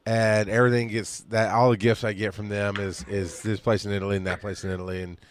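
A man's voice: lowish voice, flat delivery, fast talker, a little hiss or hum. A man co-hosting a podcast in casual chat, joking and teasing, now and then slipping into put-on voices. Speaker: podcast co-host.

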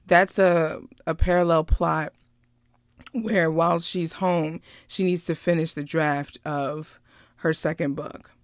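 A woman casually recapping a movie, chatty and animated, drifting into personal stories. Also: low voice, takes it slowly, dry recording, clean studio sound. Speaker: vlogger reviewing a movie.

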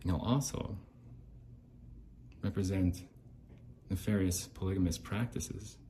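Low, dark-voiced sarcastic man rambling. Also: steady tone, measured pace, a little hiss or hum. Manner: rambling, sarcastic and bitter, with frequent restarts. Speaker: podcast host. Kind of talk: casual monologue podcast.

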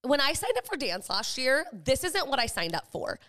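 A woman's voice: sits high, moderate pace. A woman in her thirties co-hosting a casual chat podcast, telling stories with lots of fillers. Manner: chatty, animated storytelling with many fillers. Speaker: podcast co-host.

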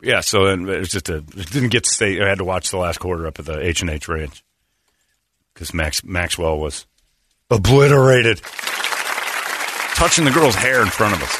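A man's voice: low-pitched, normal speed, long pauses, a faint crowd. A man hosting a radio show, telling rambling stories in casual banter and acting out what people said. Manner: rambling, animated, acts out quotes.

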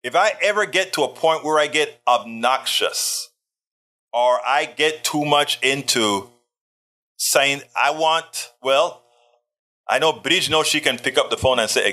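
A man with a bright, forceful voice hosts a live stream in a loose, chatty way. He reads viewer comments aloud and throws in joking asides between them. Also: on the high side, normal speed. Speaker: livestream host. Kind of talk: casual live chat reading viewer comments.

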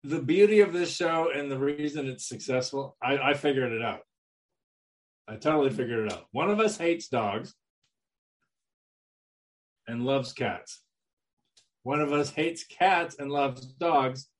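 A man co-hosting a podcast in casual, crude banter, joking and teasing loudly. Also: mid-range voice, a little slow, pauses often. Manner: joking, loud teasing outbursts. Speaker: podcast co-host.

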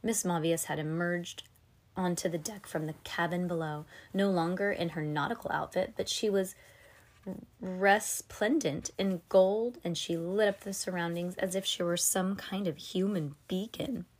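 A woman's voice: on the low side, fairly even intonation, measured pace. A woman reading a novel aloud casually, correcting herself and adding chatty asides. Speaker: reader.

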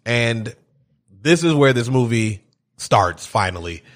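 A man's voice: medium pitch, slow pace. Man recapping a movie, profane. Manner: profane, animated retelling with quoted voices. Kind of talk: casual movie recap chat.

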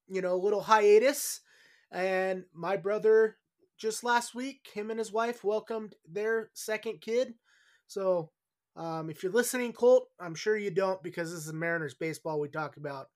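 Joking, rambling podcast host man. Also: high voice. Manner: jokey, rambling. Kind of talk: casual sports podcast chat. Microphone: own podcast microphone.

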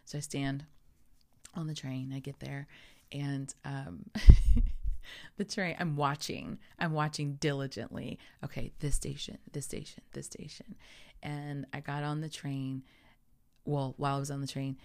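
A woman with a low, gravelly voice tells a casual personal story. Her tone is dark and mellow. She acts out her own panic in lively quoted asides. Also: unhurried, long pauses. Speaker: photographer telling a travel story.

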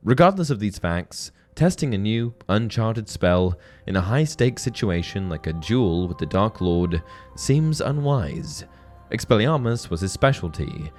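A man narrates a scripted video essay in an earnest, analytical way. His voice sits very low but moves with lively, animated inflection. Faint music plays softly behind him. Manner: earnest, analytical, reads book passages aloud.

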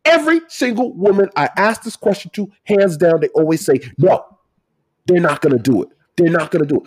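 Man, casual podcast co-host, lively pitch, dry close sound, emphatic. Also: fast, no echo. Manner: animated, emphatic, swings from loud to quiet. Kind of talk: casual chat.

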